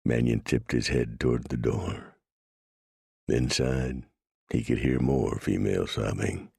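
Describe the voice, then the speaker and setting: Very deep gravelly male narrator. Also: steady tone, measured pace, darkish tone, no echo, studio quality. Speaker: audiobook narrator. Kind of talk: scripted narration.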